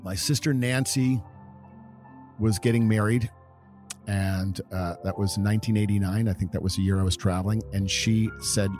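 Rambling, low-voiced middle-aged American man. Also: steady tone, moderate pace, a little mellow, soft background music. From California. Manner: rambling, reminiscing, with many fillers. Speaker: father being interviewed by his child. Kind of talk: casual storytelling.

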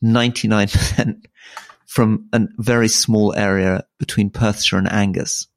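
A man's voice: lowish voice, fairly even intonation, unhurried, creaky, noisy background. A middle-aged man co-hosting a podcast in casual conversation, often restarting his sentences and repeating words as he thinks aloud. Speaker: podcast co-host.

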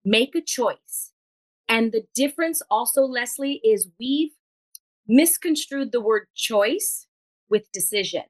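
A woman's voice: a little high, animated, a little slow, low-quality recording. A woman guest on a podcast, earnestly explaining ideas in casual chat and playfully acting out quotes.

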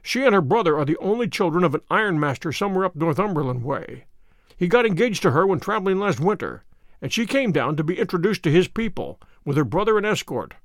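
A man voicing Sherlock Holmes, a musing, brisk male detective, in a dry read story. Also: high-pitched, big pitch swings, no echo. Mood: reflective.

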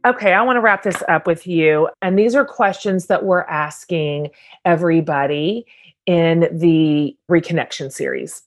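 Chatty woman podcast host, lowish voice. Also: measured pace. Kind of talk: casual interview.

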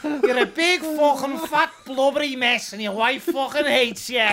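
A man's voice: very high voice, steady tone, moderate pace, bright, forceful tone, slight background noise, heavily acted. A man putting on a foul-mouthed, angry Liverpool man with a Scouse accent, ranting and taunting in a comic podcast impression. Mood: sweary ranting. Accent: put-on Scouse.

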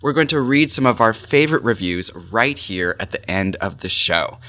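Deep-voiced playful podcast host man. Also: expressive, normal speed, sharp tone, dry recording, studio quality. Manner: playful, effusive, laughs easily. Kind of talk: casual interview chat.

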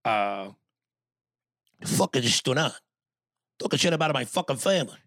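A man's voice: mid-range voice, very animated, normal speed, a bit bright, dry recording, studio quality. A man co-hosting a podcast, talking casually, profane and emphatic, arguing with mock outrage. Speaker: podcast co-host.

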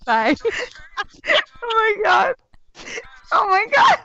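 A woman's voice: very high voice, huge pitch swings, very slow, gravelly, dull audio, very noisy. A woman hosting a podcast in casual chat, teasing her co-hosts and signing off the show. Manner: teasing, reacts loudly. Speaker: podcast host.

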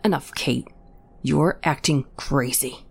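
An exasperated young brother argues and pleads in a low, heavy voice. A woman reader voices him in her own deep register. He sounds worn out and irritated. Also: slow, vocal fry, husky, heavily acted. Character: young adult man, exasperated skeptical brother.

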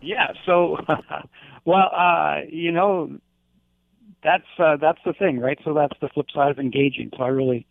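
Gravelly man on a tinny phone line. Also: on the high side, steady tone, a little slow, dry recording. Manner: earnest, rambling with many fillers. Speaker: teacher. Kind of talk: casual interview talk.

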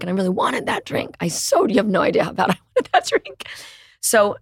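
Middle-aged woman, podcast guest, slight vocal fry, dry close mic, animated raconteur. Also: medium pitch, normal speed, no room sound. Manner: animated storyteller, acts out quoted dialogue. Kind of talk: casual storytelling chat.

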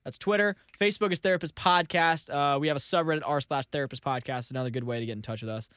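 A man's voice: a little high, fast, fairly bright tone, clear, resonant tone, no echo, clean studio sound. A man co-hosting a casual podcast, loose and profane, often breaking into laughter. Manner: giggly, keeps breaking into laughter. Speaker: podcast co-host.

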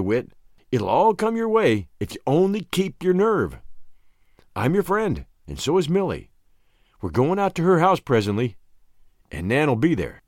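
In clean studio audio with no room sound, a man narrates a first-person novel as an audiobook. He tells it expressively, with wide swings in pitch.

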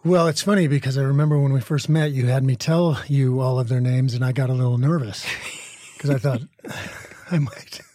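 A middle-aged man from the Midwest, an actor guest chatting casually in an interview, telling stories in a relaxed, rambling way with many restarts. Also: medium pitch, moderate pace, no echo, studio quality. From American Midwest.

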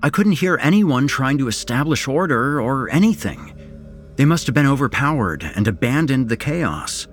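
A man's voice: mid-range voice, sing-song, normal speed, fairly bright tone, pitched above the performer's own voice. A man voicing an alarmed male tavern worker who speaks with urgency over faint music. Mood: urgent.

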